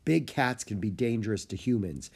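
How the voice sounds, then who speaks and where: A man voicing an eager, curious young girl in an audiobook reading, raising his voice into a bright, excited tone. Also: fairly low pitch, gravelly, breathy edge, heavily acted. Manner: bright, excited, quick to notice things.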